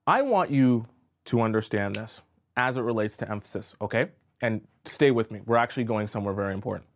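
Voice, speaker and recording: A man's voice: lowish voice, animated, brisk. A man giving dating advice as a coach in a live-streamed lesson, talking straight to his chat and repeating himself as he works through his points. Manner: talks to chat directly, repeats himself when drawing.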